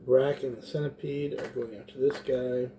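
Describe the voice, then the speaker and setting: A man's voice: mid-range voice, steady tone, normal speed, warm tone, a little hiss or hum. A man playing a tabletop game, thinking aloud as he plans his moves. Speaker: player.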